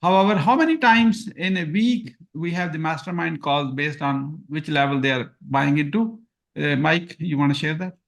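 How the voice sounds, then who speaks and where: A man's voice: a little high, moderate pace, gravelly, a bit bright. A man with a Punjabi accent hosting a live course Q&A, repeating himself and reading chat comments aloud. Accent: Punjabi-accented English. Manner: self-deprecating, repetitive, reads chat aloud. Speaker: course host. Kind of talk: live Q&A webinar.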